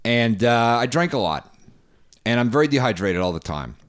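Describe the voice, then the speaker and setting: A man's voice: mid-range voice, very animated, moderate pace. A man co-hosting a comedy podcast in casual chat, self-deprecating, with audible lip smacking. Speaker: podcast co-host.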